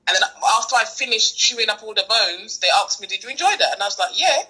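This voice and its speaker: Woman from england on a video call, chatty and candid, bright voice with ums. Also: on the high side, fast talker, slightly rough, rough recording. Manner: candid, storytelling with hesitant fillers. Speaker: reading client. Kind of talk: casual conversation.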